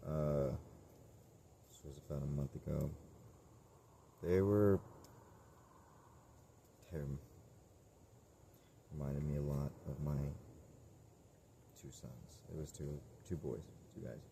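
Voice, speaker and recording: A man talking casually to camera in a candid, self-reflective monologue, rambling and halting with many restarts. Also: extremely low pitch, steady tone, creaky, warm tone, slight background noise. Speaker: vlogger.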